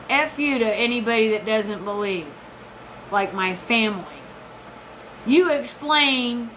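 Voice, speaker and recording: A woman's voice: sits high, sharp tone, a little hiss or hum, poor audio. A woman in her forties giving an intense, rambling, profane personal monologue. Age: 40s. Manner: intense, rambling, profane, jumps between topics.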